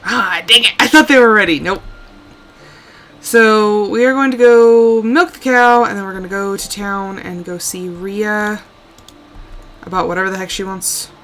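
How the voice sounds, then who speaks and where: A woman's voice: mid-range voice, unhurried. Tired, rambling woman streamer. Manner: rambling, sighing, trailing off into quiet asides. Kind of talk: casual live-stream chat while playing.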